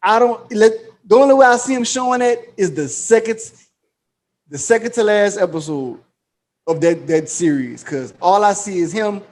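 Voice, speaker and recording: A man's voice: sits high, normal speed. A man co-hosting a casual podcast, retelling a show's plot in a slangy, profane way and acting out the characters' lines. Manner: animated storytelling, acts out quoted dialogue. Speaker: podcast co-host.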